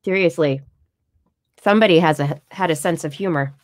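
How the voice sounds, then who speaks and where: A woman's voice: sits low, a little fast, no echo, studio quality. A woman hosting a live story time, reading a book aloud and chatting with viewers, with small stumbles. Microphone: phone or computer streaming live.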